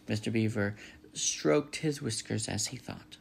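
A man's voice: lowish voice, a little slow, vocal fry, slightly rough. A man reading a children's novel aloud, narrating steadily. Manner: steady storytelling. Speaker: reader.

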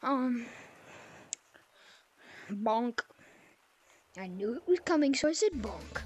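A woman's voice: on the high side, sing-song, slow pace, long pauses, music in the background. A woman giving playful, silly gameplay commentary into a headset mic, swinging from mumbled asides to squeals. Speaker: gaming video creator.

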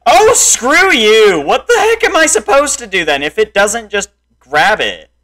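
A young man in raging gameplay commentary, frustrated, swinging between muttered complaints and loud shouts at the game. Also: sits high, huge pitch swings, moderate pace. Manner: frustrated, yelling and insulting the game. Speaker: gameplay streamer.

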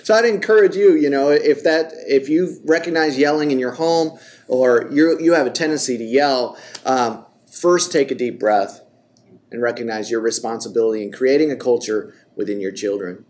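Energetic man co-hosting a faith podcast. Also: mid-range voice. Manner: energetic, quick to laugh. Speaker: parenting podcast co-host. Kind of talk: casual chat on faith and parenting.

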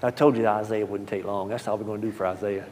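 Folksy preacher man, animated, in a reverberant church. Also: on the low side, racing, a little hiss or hum. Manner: animated storytelling, swinging from hushed asides to loud emphatic quotes; folksy, repeats words at the start of phrases. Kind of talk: sermon. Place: church sanctuary. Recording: long church-hall reverb.

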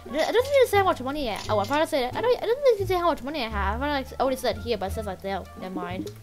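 High, lively rambling woman gamer. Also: rapid-fire, over music. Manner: rambling, excitable, heavy use of filler words. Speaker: gameplay channel host. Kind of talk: casual game commentary.

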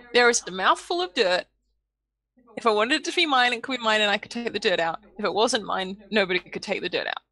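A woman's voice: mid-range voice, lively intonation, fast, pushed and bright. A woman playing a tabletop game, thinking aloud with a hesitant manner. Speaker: player. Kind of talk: casual tabletop play.

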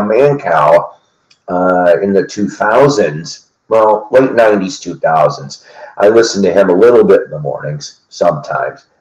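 Man, middle-aged, very low voice, roomy echo, rambling casual host talk. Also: a little mellow, dull audio. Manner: rambling, conversational, many fillers and restarts. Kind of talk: casual chat.

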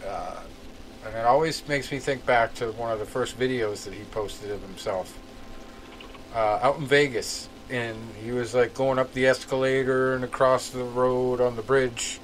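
A man talking loosely with his co-host on a podcast, his pitch sitting in an ordinary middle range. He wanders through his stories, leaning on fillers and trailing off as he goes. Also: steady tone, normal speed, a little hiss or hum, rough recording. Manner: rambling, filler-heavy storytelling. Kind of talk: casual chat.

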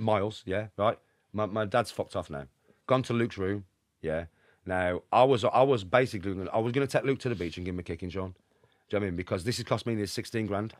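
A middle-aged man with a Birmingham accent, a podcast guest telling rapid, emphatic anecdotes and constantly checking in with the listener. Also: lowish voice, no echo, studio quality. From Birmingham, England. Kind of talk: casual storytelling.

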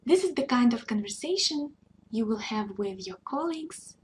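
A woman teaching a beginner language lesson, speaking in a patient, deliberate way and repeating phrases for learners to echo. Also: on the high side, expressive, slight background noise. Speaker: Russian tutor.

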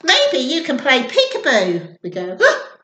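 A woman reads to toddlers in a high, swooping sing-song voice, taking her time over every line. The tone is bright and clear, with a roomy echo around it. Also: very animated, measured pace. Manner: warm, sing-song, coaxing. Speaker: children's storytime reader. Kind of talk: reading a storybook aloud to young children.

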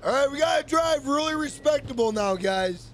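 A young man streaming a game, cursing and ranting at the characters in loose, rambling talk. His voice is very high for a man. Steady noise sits under his commentary. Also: normal speed. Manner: profane, hot-tempered, rambling. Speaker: gaming streamer. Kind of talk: casual let's play commentary.

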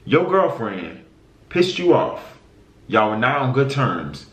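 A man reading out viewer confessions in a casual reaction vlog, blunt and profane, jumping between squealed outbursts and low mutters. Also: big pitch swings, takes it slowly, reverberant.

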